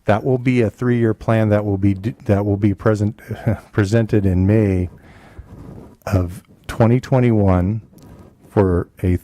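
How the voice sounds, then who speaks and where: A man presenting a school district report at a board meeting, halting often with restarts and fillers. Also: lowish voice, steady tone, dark tone.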